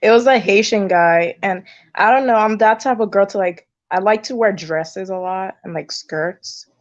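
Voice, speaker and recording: A woman's voice: medium pitch, normal speed. A woman telling a story in a casual chat as a panel guest, chatty and saying "like" often. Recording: dull lo-fi audio.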